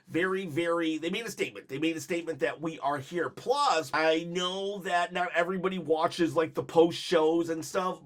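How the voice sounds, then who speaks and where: A man hosting a wrestling video channel, talking in a casual, animated way, full of fillers and laughing often as he goes. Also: on the high side. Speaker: wrestling vlog host. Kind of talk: casual commentary.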